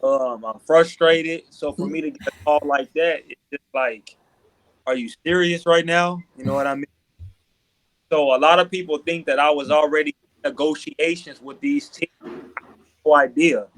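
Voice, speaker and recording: A man's voice: fairly high pitch, fairly even intonation, moderate pace, a bit bright, poor audio. A man in his thirties, a basketball player, telling stories animatedly in a casual interview, often asking "you know what I mean".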